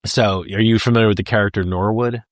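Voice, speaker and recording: A man's voice: lowish voice, steady tone, fast talker, dry recording, clean studio sound. A man co-hosting a podcast, talking casually about a film, laughing often and jumping into quoted lines. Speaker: podcast co-host.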